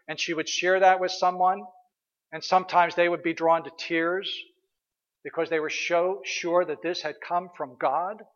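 A man's voice: sits high, a bit bright, highs cut off. A man preaching a sermon as pastor, earnest and questioning, sometimes hesitating and restarting.

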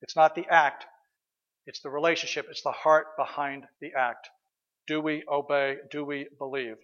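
A man's voice: fairly high pitch, a bit bright, highs cut off. A man preaching a sermon as pastor, earnest and questioning, sometimes hesitating and restarting.

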